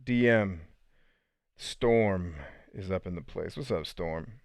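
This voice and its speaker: A man's voice: sits low, slow, no echo, clean studio sound. A man hosting a podcast and reading out live chat comments in a casual, slangy way, laughing often.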